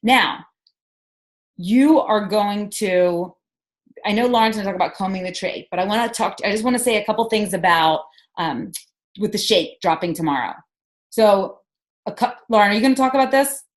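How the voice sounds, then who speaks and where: A woman's voice: mid-range voice, animated, normal speed. A woman leading a team call, coaching with energy and enthusiasm and firing off rhetorical questions. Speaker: sales team leader. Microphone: conference call.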